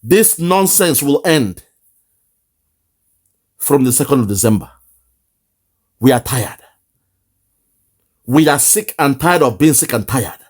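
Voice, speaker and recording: Impassioned Nigerian man, lively voice. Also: medium pitch, a little slow, long pauses, husky. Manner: lamenting, repetitive, emphatic. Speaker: online commentator. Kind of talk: impassioned political commentary.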